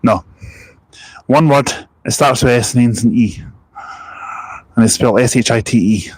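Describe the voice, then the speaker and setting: A man's voice: medium pitch, moderate pace, darkish tone, husky, no room sound, low-quality recording. Jokey Scottish man on a live stream. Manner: jokey, rambling, laughs at his own stories. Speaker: live-streaming bus spotter. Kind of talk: casual live-stream chat reading comments.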